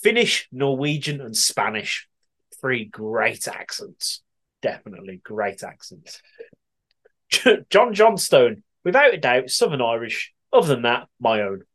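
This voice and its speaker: A podcast host from England's West Midlands reads out listener answers in relaxed chat, chatty and giggly, often laughing and swearing. His voice sits at medium pitch with big swings, a measured pace and a fairly bright tone.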